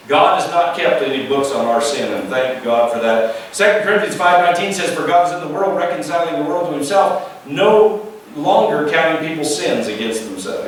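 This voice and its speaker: A male pastor preaching a lively sermon, asking the congregation questions and acting out the voices he quotes. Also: fairly high pitch. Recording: echoey room, mic at a distance, faint background noise.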